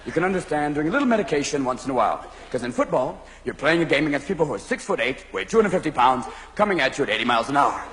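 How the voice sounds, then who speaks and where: A man doing a fast-switching stand-up comedy routine on a club stage, often shouting his bits. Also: on the high side, big pitch swings. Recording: live club recording with loud audience and noise. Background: audience laughter.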